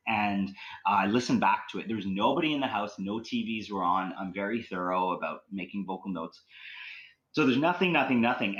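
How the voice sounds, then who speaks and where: Through poor audio comes a low-leaning male voice: a Canadian guest on a podcast, telling casual stories. He's excitable and rambling, leaning hard on fillers.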